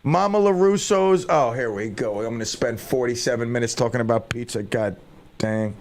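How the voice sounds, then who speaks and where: A man's voice: medium pitch, normal speed, darkish tone, slight background noise. A middle-aged man hosting a radio show, rambling casually and mocking himself while he fumbles with studio gear. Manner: scattered, self-mocking, thinks aloud while fiddling with gear.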